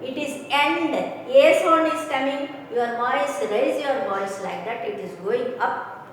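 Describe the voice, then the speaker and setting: A woman teaching English pronunciation in a recorded lecture, speaking slowly and repeating herself, often checking that students have understood. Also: sits high, a little hiss or hum. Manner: slow, repetitive, keeps checking students understand. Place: classroom or room with a board. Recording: echoey room, voice far from the mic.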